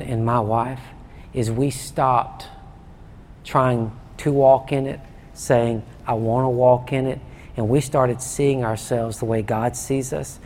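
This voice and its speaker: A man preaching a sermon in a conversational way, often restarting and stammering, warming up as he goes. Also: mid-range voice, slight background noise. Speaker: pastor.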